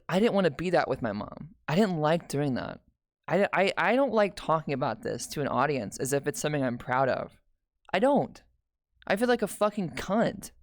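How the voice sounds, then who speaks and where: A woman's voice: deep voice, dry recording, clean studio sound. A young woman streamer telling a painful family story in casual, candid talk, swearing and restarting often.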